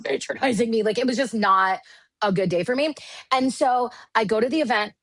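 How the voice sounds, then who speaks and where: A woman from Michigan, a Broadway actress guesting on a podcast, telling a casual anecdote in a lively, self-deprecating way with lots of "like". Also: on the high side, a little fast. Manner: animated, self-deprecating, heavy use of "like".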